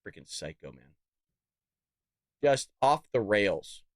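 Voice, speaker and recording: A political commentary host rants heatedly on a live stream, swearing and putting on mock voices, his delivery swinging loud and high. He speaks slowly yet very animatedly, and the recording is clean studio sound with no echo.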